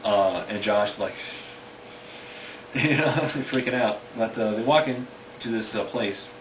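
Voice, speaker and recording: A young man with a low voice rambles through his own fantasy plot, stringing it together with fillers and quick bits of character voices. He sits away from the mic in an echoey room, with steady background noise. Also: distant mic. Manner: rambling, full of "you know" and "like", acts out the characters. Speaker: amateur author retelling his story. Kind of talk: casual spoken storytelling.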